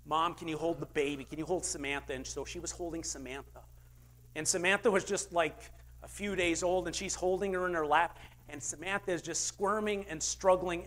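An older man preaching a sermon as a pastor, emphatic, with big swings in pitch and loudness.

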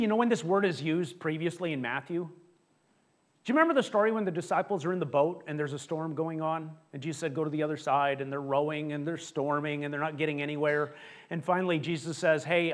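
High-voiced animated male preacher. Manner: animated, conversational preaching with many restarts and acted-out quotes. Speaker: pastor. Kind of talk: sermon. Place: church sanctuary.

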